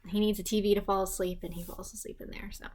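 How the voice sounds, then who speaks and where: A young woman gives a rambling, self-deprecating vlog update, drifting between tangents. She talks softly at times, dropping into hushed, breathy asides, and her voice sits in an ordinary middle pitch for a woman. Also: level tone, quick pace, slight background noise. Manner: quiet and hushed at times, while her partner sleeps. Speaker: vlogger. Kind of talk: casual pregnancy update vlog.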